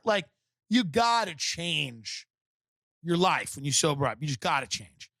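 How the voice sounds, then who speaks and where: A man's voice: fairly high pitch, very animated, unhurried, gravelly, pushed and bright, no echo, clean studio sound. Rambling, sardonic man from Long Island. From Long Island, New York. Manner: rambling, sardonic, jumps between voices. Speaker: comedian podcast host. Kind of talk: casual storytelling.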